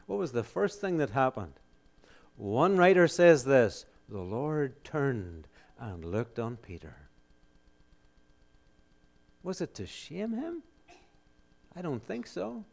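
Male preacher, sermon, emphatic rhetorical questions, slow deliberate delivery, lively pitch. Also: gravelly. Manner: swings from loud exclamations to hushed solemn tones.

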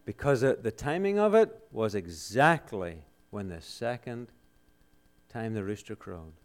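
A man delivers a sermon in a lowish, sing-song, unhurried voice. He poses rhetorical questions and answers them emphatically, swinging from loud exclamations to hushed, solemn lines.

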